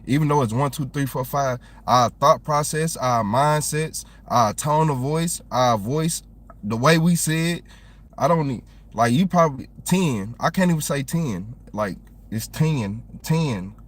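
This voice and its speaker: Young southern guy rambling on his livestream, slangy, gets worked up and animated, mid pitch. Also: measured pace. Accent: Southern American. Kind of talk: casual livestream chat.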